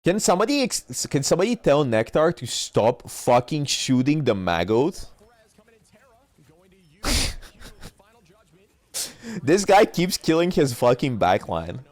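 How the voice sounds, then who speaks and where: A man's voice: mid-range voice, sing-song, moderate pace, few pauses, darkish tone, no echo. A young man with a stuffy nose, commenting on an esports match in blunt, profane, rambling talk on a livestream. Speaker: esports streamer.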